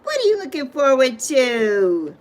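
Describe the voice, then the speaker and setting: A middle-aged woman from the Virgin Islands hosts a casual livestream in a high, light voice. She chats and rambles, wanders off track, and greets viewers by name. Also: wildly swooping pitch, a little slow, rough recording. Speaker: livestream host.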